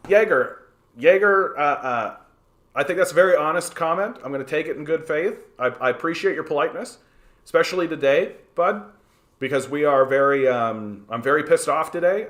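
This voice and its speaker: A man hosting a livestream and answering his chat. He is heated and fired up, swears often and keeps stumbling over restarts with lots of "uh". His pitch sits in a plain middle range. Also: fairly bright tone. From Canada. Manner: swears freely. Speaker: political livestream host. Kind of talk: livestream commentary reading chat.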